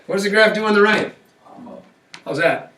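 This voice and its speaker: High-voiced male teacher in an echoey classroom. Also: normal speed, background noise. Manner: coaxing, asks the class frequent questions. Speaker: math teacher. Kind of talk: classroom lecture. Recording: echoey classroom, mic far off.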